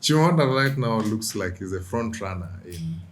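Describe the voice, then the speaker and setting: A man hosting a podcast, asking thoughtful, halting questions with frequent restarts. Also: fairly low pitch, very animated, slight background noise. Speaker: podcast host. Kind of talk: casual interview questions.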